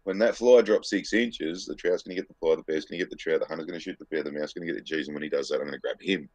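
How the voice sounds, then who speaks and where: A man voicing a sly hungry cat in a spoken joke, in his own deep voice. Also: rapid-fire, a little mellow, no room sound. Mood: plotting.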